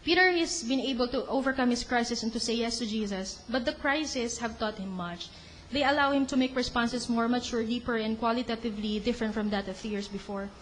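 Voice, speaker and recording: A woman with a Filipino accent gives a religious teaching talk, moving between English and Tagalog and acting out quotes in a lively way. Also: fairly high pitch, fairly quick, few pauses, slight background noise. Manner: animated, mixes English and Tagalog, acts out quotes with laughter. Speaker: preacher.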